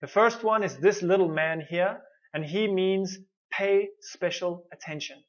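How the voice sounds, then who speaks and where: A man with a high voice leads an online pronunciation lesson, encouraging his students and checking in with "okay" after each point. The audio is dull and lo-fi. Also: a little slow. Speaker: pronunciation teacher. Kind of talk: online course lecture.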